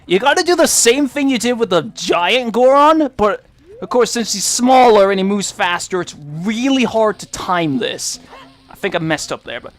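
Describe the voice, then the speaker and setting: A man's voice: high voice, expressive, moderate pace. A man hosting a let's play, giving joking, chatty commentary over his gameplay.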